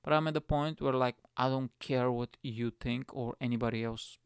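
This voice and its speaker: A man hosting his own solo podcast, rambling and excitable, swearing freely as he rants to listeners. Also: medium pitch, normal speed, clean tone, dry recording, clean studio sound. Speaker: podcast host.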